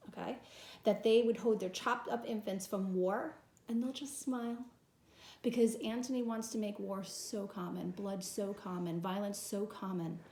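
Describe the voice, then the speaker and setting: A woman's voice: mid-range voice, a little mellow. Young woman, teacher; dramatic verse reading, plain explanations, echoey room. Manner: reads the verse aloud dramatically, then paraphrases plainly. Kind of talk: reading and explaining a play to students.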